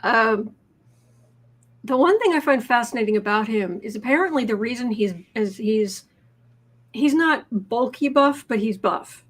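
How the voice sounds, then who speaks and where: A woman co-hosting a casual political tarot livestream, chatty and quick to laugh. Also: on the high side, animated. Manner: chatty, laughs easily, talks with her mouth full. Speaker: tarot reader co-host.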